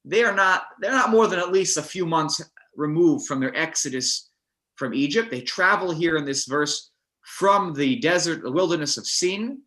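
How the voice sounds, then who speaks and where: A man teaching a text study class, animated, with many restarts, acting out the verses. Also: on the high side, moderate pace.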